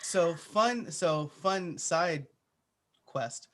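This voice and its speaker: A man's voice: on the high side, very slow, a bit bright. A man answering interview questions in a casual, chatty way, with plenty of "uh" and "like" fillers. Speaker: podcaster guest.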